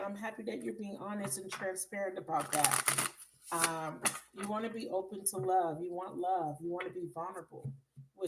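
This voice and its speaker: A woman with a lowish voice does casual live tarot readings from home, and there's noise in the background. She's chatty and blunt, curses freely, and calls her viewers baby.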